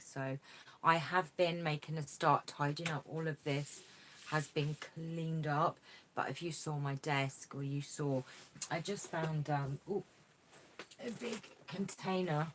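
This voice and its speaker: A woman's voice: low-pitched, background noise. A woman hosting a casual live craft chat from her desk at home, rambling and effusive, with lots of fillers, talking into a tablet's built-in mic. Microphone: tablet camera mic.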